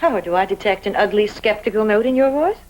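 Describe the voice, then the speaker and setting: A woman's voice: mid-range voice, animated, quick pace, darkish tone, slight background noise, natural voice, rough recording. Actress playing a breathless stammering young woman. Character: anxious, loyal young woman helping a fugitive.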